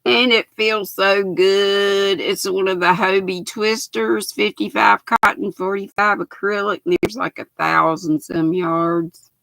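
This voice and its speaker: A raspy-voiced older woman with a Southern drawl hosts a relaxed knitting livestream, chatting with viewers in a folksy way. Her unhurried talk has a gravelly edge, and the sound is dry, close and bright, picked up by a built-in laptop mic. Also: mid-range voice, dry recording. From United States. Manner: chatty, folksy, reads viewer comments aloud. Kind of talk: casual livestream chat.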